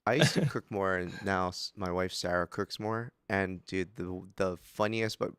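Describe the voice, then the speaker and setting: A man from Hawaii, co-hosting a casual chat in a relaxed, joking way. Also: deep voice, moderate pace, clean tone, no room sound, studio quality. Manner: laid-back, says dude a lot, laughs easily. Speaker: podcast co-host.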